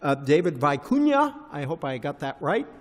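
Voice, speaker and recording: Guy moderating a panel, kinda high voice, wry, lots of uhs, echoey hall. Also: darkish tone. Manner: genial, wry, halting with fillers. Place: large conference hall. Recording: reverberant lecture hall.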